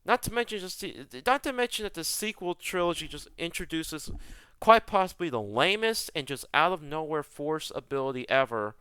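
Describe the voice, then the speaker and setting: A man's voice: a little high, expressive, moderate pace, bright, forceful tone, clean tone, no echo, clean studio sound. A young man delivering an exasperated rant to camera, full of rhetorical questions and repeated words. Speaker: YouTuber. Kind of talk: ranting commentary.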